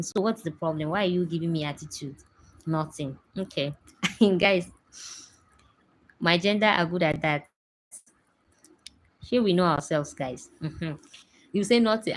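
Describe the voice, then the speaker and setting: A woman's voice: sits low, low-quality recording. A woman in her thirties with a Nigerian English accent, hosting a casual chat from home and telling stories with emphatic asides to her viewers. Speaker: host. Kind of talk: casual chat to a live audience.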